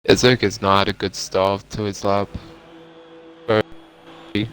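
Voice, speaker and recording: A man doing live commentary on a sim racing league, in relaxed, joking banter with his co-commentator, through a poor-quality mic. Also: fairly low pitch, slow pace, soft background music.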